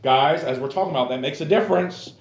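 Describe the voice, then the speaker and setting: A man preaching to a group of men, who prays earnestly and then speaks with animated, direct appeals to his listeners. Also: a little high, fast, creaky, a little hiss or hum. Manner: earnest, pleading prayer with many "Lord" and "God" tags. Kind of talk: sermon to a men's group. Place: church meeting room. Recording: echoey room with faint ambience.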